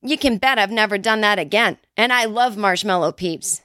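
A woman hosting a comedy podcast, ranting in a sarcastic, profane monologue and jumping into high mocking voices when quoting others. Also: moderate pace, sharp tone, no room sound, studio quality. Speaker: podcast host.

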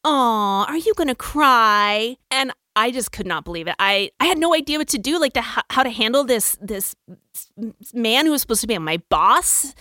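A woman telling a personal story in casual chat, animated, acting out the quotes. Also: brisk, dry recording, studio quality. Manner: animated, acts out quotes with big pitch jumps.

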